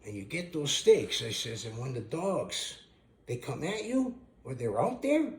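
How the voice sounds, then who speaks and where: A man's voice: medium pitch, sing-song, a little slow. An older man telling a story in a punchy, profane way, acting out the dialogue of the people in it. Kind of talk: animated anecdote telling. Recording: echoey room.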